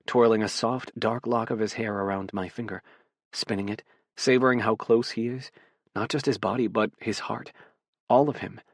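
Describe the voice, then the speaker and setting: A man narrates a romance audiobook in the first person with a husky, somewhat low voice. His delivery is soft, intimate and unhurried, and the recording is dry and close. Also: no room sound.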